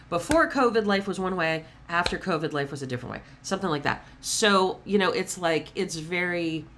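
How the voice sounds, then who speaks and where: A middle-aged woman giving a casual, chatty tarot reading straight to her audience, animated and blunt, with the odd swear word. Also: fairly low pitch, slight background noise. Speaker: tarot reader.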